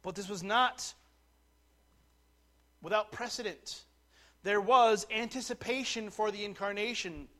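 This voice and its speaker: A man preaching a sermon, dropping to quiet asides and rising to loud, slowed declarations. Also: sits high. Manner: slows right down to stress key words. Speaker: pastor.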